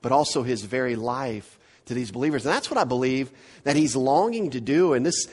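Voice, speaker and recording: A male pastor preaching a verse-by-verse sermon, animated and emphatic, often repeating words to drive a point home. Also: mid-range voice, fairly quick.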